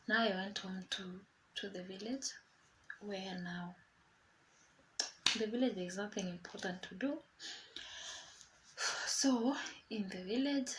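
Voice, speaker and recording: A young woman vlogger casually telling a personal story, chatty and animated, acting out quoted dialogue. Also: medium pitch, slight background noise, low-quality recording.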